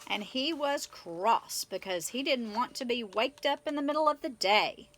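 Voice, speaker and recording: A woman reading a children's picture book aloud in an expressive, animated way. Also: a little high, normal speed. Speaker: storyteller.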